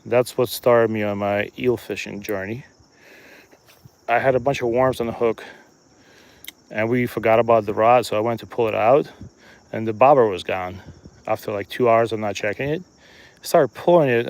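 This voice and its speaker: At a moderate pace and medium pitch, a man livestreams himself fishing outdoors by a riverbank. He keeps up relaxed, chatty commentary aimed at his viewers.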